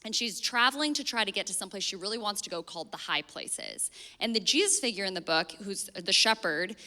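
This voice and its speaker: A woman's voice: mid-range voice, animated, brisk, bright, forceful tone. A young woman speaking earnestly from a church stage, reflecting on a book that shaped her. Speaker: guest speaker. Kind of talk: sermon. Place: church stage before an audience. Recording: long reverb in a large hall.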